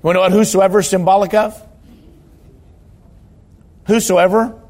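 A man's voice: sits high, fairly even intonation, rapid-fire, darkish tone. A man preaching a sermon as a pastor, telling stories and hammering key words through repetition. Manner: emphatic storytelling preacher, repeats key words for stress.

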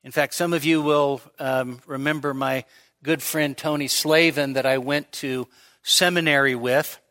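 A man's voice: medium pitch, fairly even intonation, measured pace, bright, forceful tone. A male pastor giving a midweek teaching sermon, explaining step by step and often checking in with his listeners.

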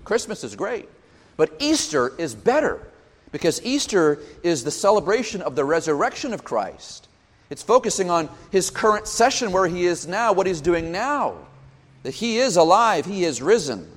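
A man preaching a sermon as pastor, his voice rising with emphasis and dropping low on solemn points. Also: sing-song, normal speed, big-room sound. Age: young adult.

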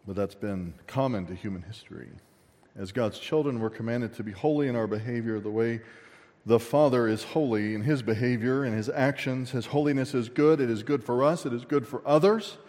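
A middle-aged man preaching a sermon as a pastor, talking conversationally with rhetorical questions to the congregation and swinging between loud emphatic bursts and quiet low asides. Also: a little fast. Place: church sanctuary. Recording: long reverb of a church hall.

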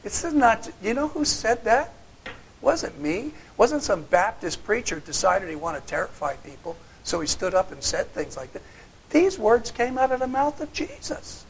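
A man preaching a sermon in a fairly high voice, hammering his hearers with pointed rhetorical questions. He builds to loud, forceful challenges, then drops low and quiet, with a faint hiss behind him. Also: big pitch swings, normal speed. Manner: emphatic, with sharp rhetorical questions. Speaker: pastor.

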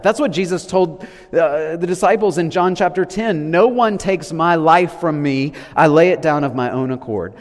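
Preacher in a reverberant hall. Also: male voice, moderate pace, hardly any pauses. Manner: dramatic swings between loud declarations and hushed low lines. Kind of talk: sermon. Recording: long reverb of a large hall.

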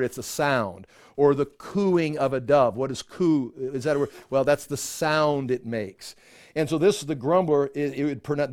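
A man's voice: mid-range voice, a little mellow, no room sound, studio quality. A man leading an informal Bible study for a small group, talking conversationally with many restarts and the odd chuckle.

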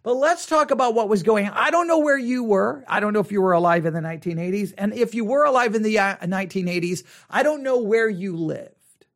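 A man's voice: sits high, lively intonation, a little fast, fairly bright tone. A middle-aged man from West Texas, rambling conversationally on a podcast with wry asides. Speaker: podcast host. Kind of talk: casual monologue podcast.

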